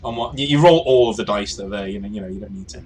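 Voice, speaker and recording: A man's voice: fairly low pitch, rapid-fire, darkish tone, a little hiss or hum. A man acting as game master, narrating a tabletop role-play game in a hesitant way with many fillers and restarts.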